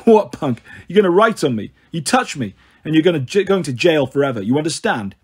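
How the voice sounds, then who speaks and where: A man voicing a boorish middle-aged stepfather who growls and sneers in a husky voice. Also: on the high side, very animated, fairly quick, darkish tone. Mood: sneering.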